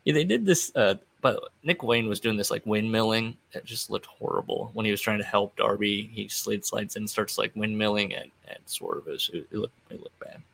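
A man's voice: on the low side, normal speed, vocal fry, few pauses, fairly bright tone, husky. A middle-aged man hosting a casual podcast recap, rambling with wry, offhand asides. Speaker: podcast host recapping wrestling.

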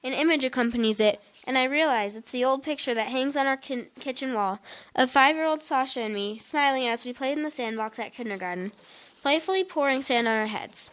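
High-voiced woman reading a story. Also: a little fast, a bit bright. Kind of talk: first-person story reading.

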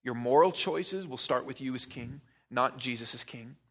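A man's voice: medium pitch, moderate pace, a bit bright. A man preaching a sermon as pastor, pressing the listener with probing rhetorical questions and emphatic repetition.

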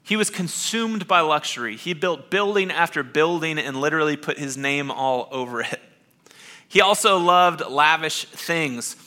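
A man pastor preaching a sermon, dropping to soft hushed lines and rising to loud emphatic bursts. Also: on the high side, a little slow.

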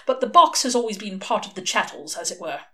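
A woman's voice: mid-range voice, sing-song, fast, bright, forceful tone. A woman voicing a fussy, chatty old-school male clerk. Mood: rambling. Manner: eager, fussy, rambling.

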